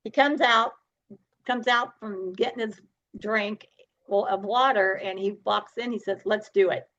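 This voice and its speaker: Middle-aged woman guest, storyteller who acts out dialogue, mid pitch, muffled recording. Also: measured pace. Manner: animated, acts out dialogue, laughs often. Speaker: podcast guest. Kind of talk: storytelling interview.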